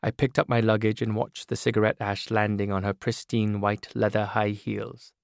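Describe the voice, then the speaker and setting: A man narrating a novel in a measured first-person reading. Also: fairly low pitch, little pitch movement, vocal fry, dry recording. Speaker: audiobook narrator. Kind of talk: scripted narration. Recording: dry studio booth.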